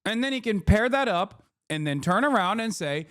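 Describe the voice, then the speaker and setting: A man with a high voice gives heated, profanity-laced live-stream commentary. He argues hard and punches his points home. The sound is close and dry, with no room echo. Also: animated, moderate pace, hardly any pauses, a bit bright, clean tone. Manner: profane, emphatic, argumentative. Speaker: streamer reacting to a debate.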